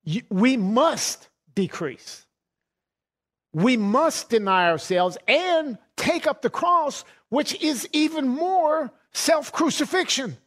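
A man's voice: very high voice, expressive, takes it slowly, fairly bright tone. A middle-aged man preaching a sermon in a folksy way, laughing often and repeating words as he goes.

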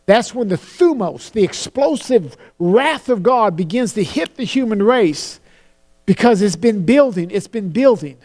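High-voiced man preaching a sermon. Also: lively intonation, a little mellow. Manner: earnest preaching with slowed, solemn scripture quotes; repeats words when starting a phrase.

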